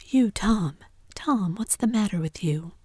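A stern, loving old aunt scolds in whispered role-play, as a woman puts her on. The hushed voice is low and husky, recorded close and dry. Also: moderate pace, dry recording. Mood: scolding.

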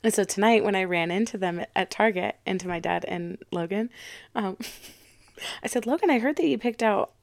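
A woman's voice: medium pitch, moderate pace, gravelly, dry recording. A young woman co-hosting a podcast in casual chat, telling stories and acting out what people said. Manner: animated storyteller, acts out quotes. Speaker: podcast co-host.

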